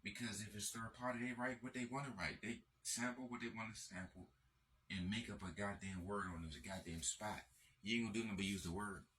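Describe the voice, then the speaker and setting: Male host, very deep and forceful, repetitive profane lecture style. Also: steady tone, brisk, a little hiss or hum. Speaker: channel host. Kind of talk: lecturing monologue.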